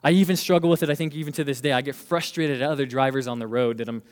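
Man, 20s, youth pastor, animated sermon, mid-pitched voice, long hall reverb. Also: racing, clean tone. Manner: animated, laughs while preaching, acts out quoted voices.

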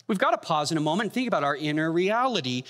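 A man preaching a sermon, telling stories with humor and quick asides. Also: fairly high pitch, sing-song, a bit bright. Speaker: pastor. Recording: long hall reverb.

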